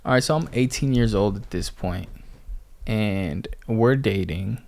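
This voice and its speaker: A man's voice: lowish voice, unhurried, gravelly, a little mellow. A young man telling his life story casually, full of "like" and quoted asides. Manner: chatty, lots of "like" and "I was like" quotes. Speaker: testimony speaker.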